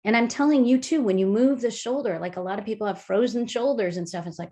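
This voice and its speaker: A woman leading an online mindful movement and breathing class, guiding gently and slowly with soft breathy cues, over a video call. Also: medium pitch. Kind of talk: guided movement and breathing lesson.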